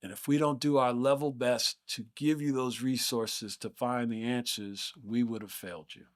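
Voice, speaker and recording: A man acting out an older male college professor who loudly fires challenging questions at new students. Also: mid-range voice, steady tone, moderate pace, close to an everyday voice. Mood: solemn.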